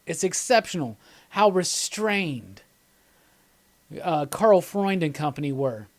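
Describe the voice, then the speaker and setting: Speaking slowly in an expressive, higher-than-average voice, this live movie commentary host rambles and laughs. His talk with viewers is casual and full of enthusiasm.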